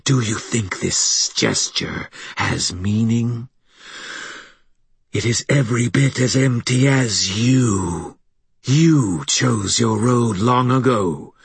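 A man voicing a cold, menacing inhuman monster in an audiobook, with a buzzing, harsh rasping voice and slow, drawn-out, ominous delivery. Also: mid-range voice, no room sound, pitched above the performer's own voice, exaggerated voice. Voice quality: buzzing, twisting, harsh rasp. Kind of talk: audiobook character voice.

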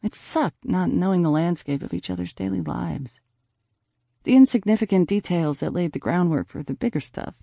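Male audiobook narrator, mellow and dry, measured conversational read. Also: high voice, gravelly, no room sound. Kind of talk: first-person audiobook narration.

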